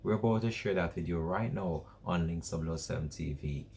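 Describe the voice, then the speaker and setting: Man, entertainment news host, announcer delivery, very deep voice. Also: a little fast, creaky, a little mellow, a little hiss or hum. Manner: announcer-like, repeats the show name. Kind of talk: news show presentation.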